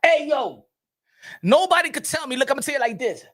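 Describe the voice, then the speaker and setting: High-voiced, animated boxing channel host. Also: male voice, a little fast. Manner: animated, laughing, bursts of shouting, repeats lines. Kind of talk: comedic rant commentary.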